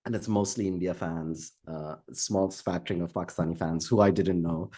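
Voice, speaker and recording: A man co-hosting a podcast, telling a story in casual chat, animated and swearing. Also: low voice, normal speed. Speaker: podcast co-host.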